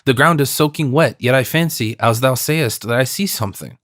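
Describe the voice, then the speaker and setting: A man reading the part of a bold, quick-tempered young Gascon swordsman in an audiobook, defiant and mocking. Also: mid-range voice, fairly bright tone, no echo, studio quality, lightly acted. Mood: wry.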